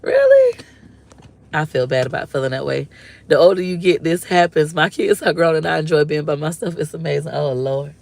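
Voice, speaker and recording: A woman's voice: sits low, steady tone, a little fast, gravelly, a little mellow. A woman in her forties, a mother of grown kids, talking candidly and emotionally to her viewers in casual slang, acting out what her husband said. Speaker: vlogger, mother.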